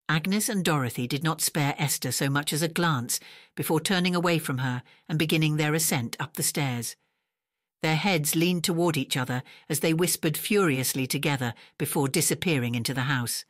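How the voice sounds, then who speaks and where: Low-voiced woman reading an audiobook. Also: normal speed, dry recording, studio quality. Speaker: audiobook narrator. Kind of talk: scripted narration.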